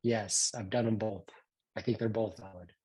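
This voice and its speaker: A man's voice: fairly low pitch, fairly even intonation, normal speed, darkish tone, breathy edge. A man co-hosting a podcast in casual chat, brash and slangy, defending his views. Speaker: podcast co-host.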